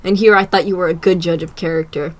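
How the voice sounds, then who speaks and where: A woman's voice: fairly low pitch, fairly even intonation, quick pace, pitched below the performer's own voice, close to an everyday voice. A woman voicing a moody, jealous young man in a visual novel, speaking in a sulky, accusing way.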